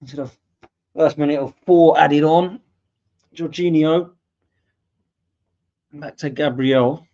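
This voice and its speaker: An English man hosts a live watchalong and talks through the match as it happens, his voice a touch high. He erupts into shouts when the team scores. The sound is muffled and lo-fi. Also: takes it slowly, long pauses. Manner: excitable, shouts at goals, reads out viewer comments. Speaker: podcast host doing a live watchalong. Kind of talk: live match commentary and fan reaction. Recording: dull lo-fi mic.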